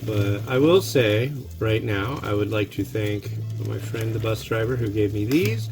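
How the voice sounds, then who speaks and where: A man's voice: on the low side, expressive, unhurried, music in the background. Easygoing man rambling over cooking. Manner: rambling, easygoing, chatty asides. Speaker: host of an instant noodle cooking show. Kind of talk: casual cooking vlog chat.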